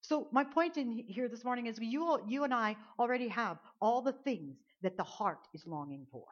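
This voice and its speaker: A woman's voice: on the high side, lively intonation, moderate pace. Earnest woman preaching a conversational sermon. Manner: earnest, conversational, repeats words while building a point. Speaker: pastor. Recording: dull lo-fi sound.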